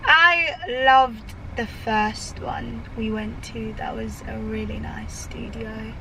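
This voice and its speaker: Woman friend off-mic, fairly high voice, clear traffic noise behind. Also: steady tone, slow pace. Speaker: friend on the vlog. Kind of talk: casual chat. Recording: distant mic with street noise.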